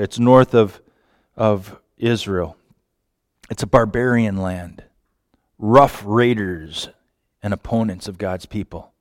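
Slow, impassioned male preacher. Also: mid-range voice, dry recording, clean studio sound. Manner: impassioned, swings from quiet to sudden wailing cries. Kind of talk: sermon.

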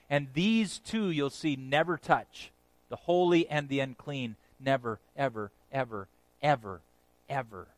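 A man preaching a sermon, emphatic, repeating phrases for weight and dropping to a hush on key words. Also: fairly high pitch, no room sound.

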